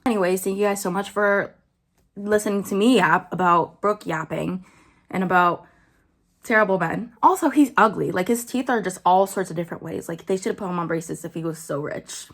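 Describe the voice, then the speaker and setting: A woman's voice: on the low side, normal speed. A woman vlogger giving casual commentary, chatty and blunt, with lots of "like" and "um". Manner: chatty, blunt, filler-heavy with "like" and "um".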